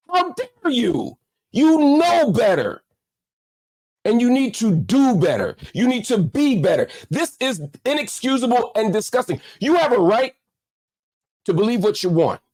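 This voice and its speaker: Fired-up guy doing commentary, swings his pitch all over, dry close mic. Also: no echo, poor audio. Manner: indignant, repeated rhetorical questions. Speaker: host. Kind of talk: impassioned commentary.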